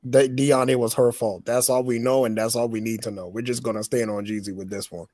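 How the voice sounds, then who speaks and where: A man's voice: mid-range voice, fairly even intonation, a little fast, mellow, no room sound, clean studio sound. A man on a casual podcast, talking in a playful, jokey way.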